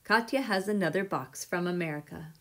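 A woman voicing an excitable male village postman who hollers his news. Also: lowish voice, fairly quick, lightly acted. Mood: excited. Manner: loud hollering.

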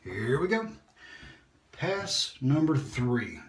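A man hosting a shaving video, chatting in a relaxed, rambling way and talking to himself as he shaves. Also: mid-range voice, extremely slow, slight background noise. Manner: relaxed, rambling, self-talk while shaving. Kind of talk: casual shaving vlog chat. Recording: echoey room.

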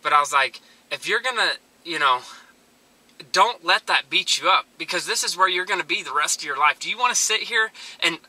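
A man's voice: high voice, lively intonation, a little fast, bright, forceful tone, no echo, low-quality recording. A young man, vlogging an earnest, repetitive motivational talk to his viewers while out and about. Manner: earnest, preachy, repeats himself. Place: driving around town and at the gym.

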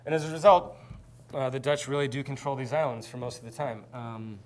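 A man's voice: mid-range voice, steady tone, brisk, a little mellow, slight background noise. A man presenting a seminar, telling history in an informal, conversational way. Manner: conversational storytelling. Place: presentation with slides.

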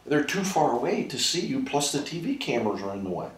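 A man being interviewed as a ventriloquist, telling animated anecdotes and laughing often. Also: mid-range voice, fast, noisy background. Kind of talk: casual storytelling interview. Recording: roomy sound from a distant mic.

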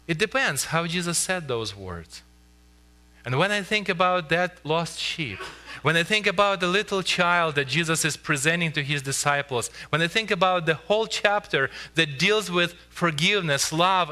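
Man, pastor, sermon in church; earnest, pleading, slows for emphasis; very bright tone. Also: a little high. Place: church sanctuary.

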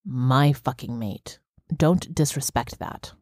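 Furious young bear shifter, slow and menacing, a woman reads him. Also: extremely low pitch, a little mellow, no room sound, clean studio sound, full character voice. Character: angry young male bear shifter, possessive.

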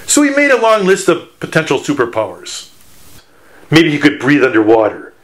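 A man from Michigan talks to schoolchildren like a teacher, playful and fond of puns. His voice sits a little high and swoops all over as he explains. He keeps it upbeat and animated the whole way through. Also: moderate pace. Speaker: children's author. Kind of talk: educational talk for children.

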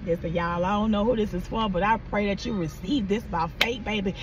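A woman giving a fervent prophetic encouragement message, repeating phrases and calling listeners "baby" and "y'all", swinging from low confiding tones to loud high exclamations. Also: fairly quick, few pauses. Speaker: online devotional minister. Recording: muffled and slightly distant with faint background noise.

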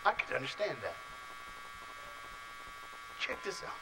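A man preaching a lively youth sermon to a large live audience, playful and direct, calling on people in the crowd and swinging from soft asides to shouts. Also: fairly high pitch, moderate pace, background noise.

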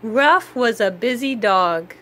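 A woman reading a children's picture book aloud, slow, gentle and expressive. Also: a little high. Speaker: storybook reader. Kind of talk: children's read-aloud narration.

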